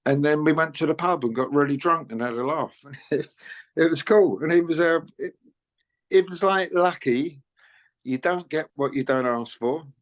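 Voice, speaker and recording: An older man, telling anecdotes in a casual interview, full of "you know"s and quick laughs. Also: fairly high pitch. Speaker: interviewed musician.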